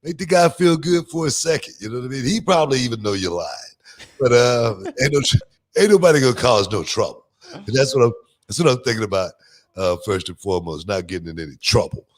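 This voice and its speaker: Male podcast host, casual, rambling delivery full of fillers, mid-pitched voice, gets animated telling stories. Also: a little fast. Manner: loose, filler-heavy, drawling delivery. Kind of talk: casual chat and storytelling.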